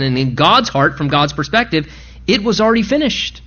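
A man preaching a sermon in an earnest, emphatic way, slowing down to read scripture and rising on his key points. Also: a little high, sing-song, bright, forceful tone. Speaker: pastor. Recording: dull lo-fi recording.

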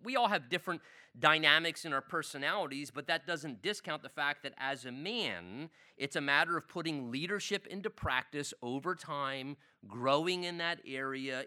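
A middle-aged man leads a church men's teaching session with a bright, forceful voice pitched a little above the usual. He talks emphatically and often repeats his key lines to drive them home.

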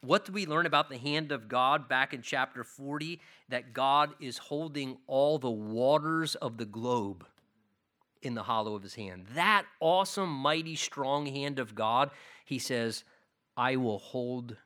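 A man's voice: medium pitch, a little slow, pushed and bright. A man preaching an expository Bible sermon, earnest and repeating key phrases for emphasis. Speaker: pastor.

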